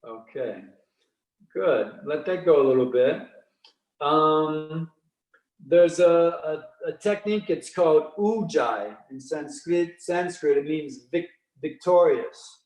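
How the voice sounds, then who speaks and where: A man leading guided breathing and meditation exercises, counting breaths slowly and calmly with frequent restarts. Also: fairly high pitch, roomy sound, recorded from a distance, low-quality recording.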